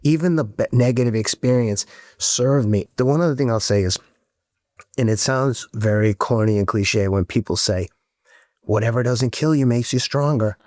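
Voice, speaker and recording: A man's voice: medium pitch, normal speed, a little mellow, no room sound, clean studio sound. A middle-aged man talking as a podcast guest, frank and earnest, swearing freely as he tells his story. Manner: earnest storytelling with rising emotion. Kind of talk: candid casual interview talk.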